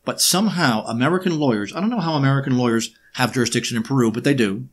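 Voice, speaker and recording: A man presenting an unscripted history monologue, emphatic and sarcastic, often pausing on uh and um while he builds his points. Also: medium pitch. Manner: emphatic, with sarcastic rhetorical questions; frequent hesitations with uh and um.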